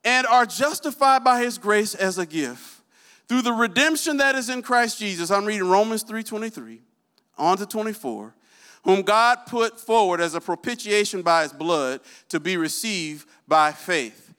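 A man's voice: sits high, animated, normal speed, sharp tone, smooth. A man preaching a sermon, constantly calling out to the congregation with questions and asking for amens. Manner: call-and-response, asks the congregation questions.

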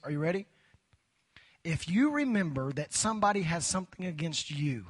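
A man's voice: high-pitched, bright, forceful tone, slightly rough. A man preaching a sermon to a large congregation, prompting the crowd to respond, his voice tiring from preaching. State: voice tiring, near hoarse. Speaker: pastor. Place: church sanctuary before a large crowd.

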